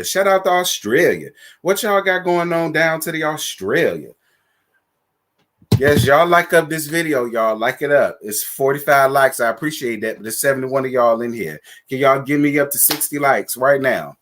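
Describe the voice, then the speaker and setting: A man hosts a casual live stream and talks to his viewers in a sassy, blunt way, full of cursing. His pitch sits at an everyday middle height, and he moves from playful shout-outs to frank, cutting remarks. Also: lively intonation, normal speed.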